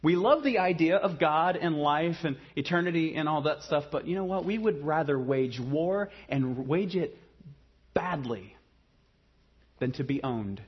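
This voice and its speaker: A man from Ohio preaching a sermon, mixing humorous storytelling with quiet, earnest passages. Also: fairly high pitch, expressive, a little slow, breathy edge, highs cut off. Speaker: pastor.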